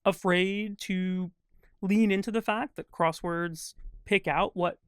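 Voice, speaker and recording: A man's voice: high voice, steady tone, slow, smooth, no room sound, studio quality. A man talking as an interview guest, thoughtful and rambling, with lots of fillers as he works through ideas. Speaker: guest crossword constructor. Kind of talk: casual interview conversation.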